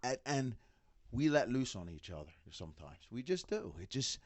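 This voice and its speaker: Middle-aged man, casual podcast chat, animated storyteller, expressive pitch, dry sound. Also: normal speed, no echo. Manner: animated storyteller, acts out quotes. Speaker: band member, father of bandmates.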